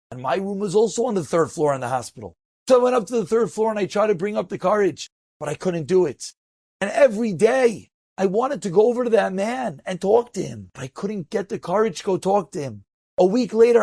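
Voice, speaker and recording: A man's voice: high-pitched, darkish tone, no room sound, clean studio sound. A man, a rabbi, telling a moving story in a sermon, acting out the people he quotes, wording.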